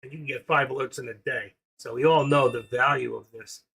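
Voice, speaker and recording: Older male host, husky, chatty and rambling, casual livestream talk. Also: medium pitch, fairly even intonation, brisk, fairly bright tone.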